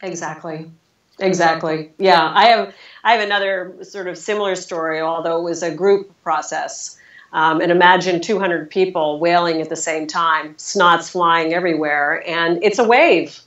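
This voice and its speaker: Reflective woman coach, low, roomy dull line. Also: steady tone, normal speed, fairly bright tone. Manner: reflective, affirming with short replies. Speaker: guest, leadership coach. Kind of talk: casual interview talk.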